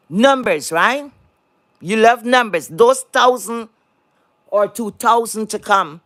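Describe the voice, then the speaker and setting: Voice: medium pitch, a bit bright, no echo. A streamer vents straight at the audience in a heated rant, blunt and full of swearing. The voice keeps circling back to the same words and asks the viewers pointed rhetorical questions. The sound is dry and close, with no room around it. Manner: blunt, profane, repetitive, emphatic. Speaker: online commentator.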